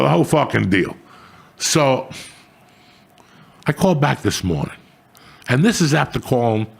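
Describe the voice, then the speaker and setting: An older man telling profane stories in casual chat, swearing often and working himself up into loud outbursts. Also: medium pitch, gravelly. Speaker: comedian, show guest.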